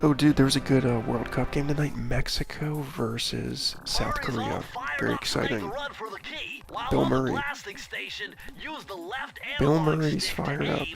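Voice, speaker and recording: Male streamer, mid pitch, gravelly, rambling and self-mocking, game music clear behind. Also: steady tone, measured pace, pauses often. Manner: rambling, self-deprecating, jokey asides. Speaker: streamer playing a video game. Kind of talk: casual live-stream chat. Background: video game music.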